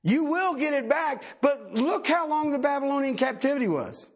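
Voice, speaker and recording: A middle-aged man preaching a sermon in a folksy, animated way, with joking asides. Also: extremely high pitch, normal speed. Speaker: pastor.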